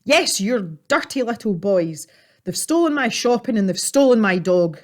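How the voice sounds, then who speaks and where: Cantankerous old recluse, gruff and loud, voiced by a woman storyteller. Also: a little high, lively intonation, normal speed, pitched above the performer's own voice, lightly acted. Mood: indignant. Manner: gruff, snapping, shouting. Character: grumpy old man, reclusive and short-tempered.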